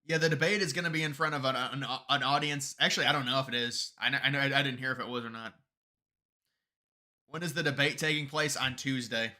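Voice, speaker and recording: Bright-voiced man rambling on a live stream. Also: mid-range voice, steady tone, fast. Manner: rambling, sarcastic, many restarts. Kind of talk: casual political commentary stream.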